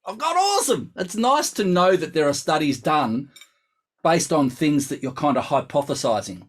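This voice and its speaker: Sex: man. Pitch: a little higher than most men. Role: brass teacher, live online lesson. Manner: chatty and instructive. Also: expressive, moderate pace. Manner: chatty, instructive, thinks aloud.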